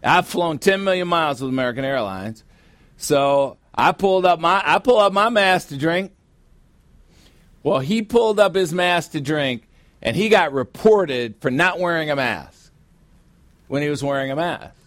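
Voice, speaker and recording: A middle-aged man preaching a sermon as pastor, with emphatic, drawn-out stresses. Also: on the high side, expressive, fairly bright tone, no room sound. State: sweating, warm from preaching. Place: church sanctuary.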